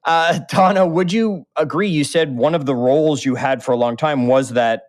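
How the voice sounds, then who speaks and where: A man's voice: fairly high pitch, normal speed, dry recording, studio quality. A man hosting a podcast interview, speaking with enthusiasm and turning to address the listeners directly. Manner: enthusiastic, talks straight to listeners. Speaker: podcast host. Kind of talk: conversational interview.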